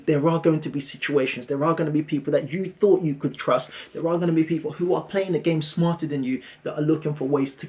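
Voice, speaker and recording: A man, a property landlord, casually and animatedly telling a story to camera with frequent fillers. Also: on the high side. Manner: animated, lively retelling with frequent "um"s.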